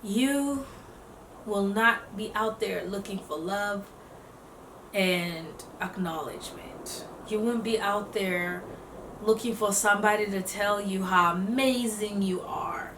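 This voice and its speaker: A woman giving casual self-development advice to camera, lively, acting out what other people say and laughing often. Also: medium pitch, takes it slowly, slight background noise. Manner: animated, acts out quotes in voices, laughs often. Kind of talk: casual motivational talk to camera. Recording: echoey room, voice a bit off-mic.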